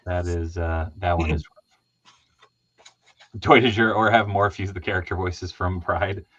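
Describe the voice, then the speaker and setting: A man's voice: sits low, fairly even intonation, unhurried, fairly bright tone. A man hosting a livestream while customizing figures, chatting casually, joking, swearing and laughing often. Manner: jokey, swears, laughs often, does silly voices. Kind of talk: casual chat while working. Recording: dull lo-fi stream audio.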